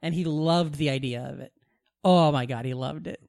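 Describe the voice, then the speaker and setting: A man co-hosting a podcast in casual chat, telling lively stories and acting out quotes with frequent laughs. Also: a little high, moderate pace, gravelly, dry recording, studio quality. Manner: animated storyteller, laughs often, acts out quotes. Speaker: podcast co-host.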